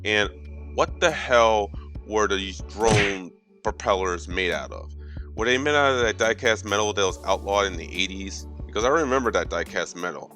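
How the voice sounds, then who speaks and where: A man with a lowish voice tells a film's story for laughs, cursing freely and in slang. He keeps jumping into quick put-on voices for the characters. Faint music plays underneath. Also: sharp tone. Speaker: movie recapper. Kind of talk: comedic movie recap.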